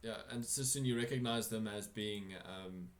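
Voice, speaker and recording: A man's voice: fairly low pitch, moderate pace, roomy sound. A man narrating a tabletop game as game master, in a casual, rambling way with many fillers.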